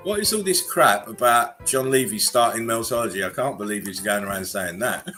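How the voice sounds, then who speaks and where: A man hosting a casual livestream chat, relaxed and rambling as he greets viewers and laughs between remarks. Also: lowish voice. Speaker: livestream host.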